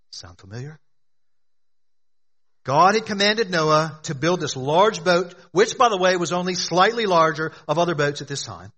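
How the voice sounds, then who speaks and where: Bright-voiced male preacher. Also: a little high, lively intonation, normal speed. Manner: emphatic, asks the congregation questions. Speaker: pastor. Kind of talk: sermon.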